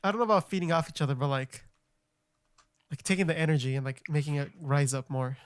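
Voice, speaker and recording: A young man co-hosting a podcast, explaining things in a relaxed, plain way. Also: on the high side, fast, clear, resonant tone, no echo, clean studio sound. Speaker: podcast co-host. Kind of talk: casual podcast chat.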